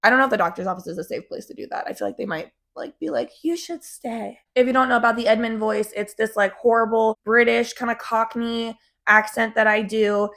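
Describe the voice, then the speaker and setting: A woman's voice: a little high, fairly even intonation, fast talker, few pauses, fairly bright tone. A young woman talking casually to camera in a chatty way, swearing often and filling her talk with "like". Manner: chatty, frequent swearing and fillers. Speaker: vlogger.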